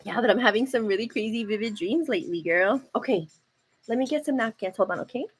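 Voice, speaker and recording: A woman's voice: a little high, fast, a little hiss or hum, rough recording. A young woman hosting a casual makeup livestream from home, chatting to viewers and calling them girl. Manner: chatty, calls viewers girl, frequent likes. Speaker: beauty livestream host. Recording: soft music under voice.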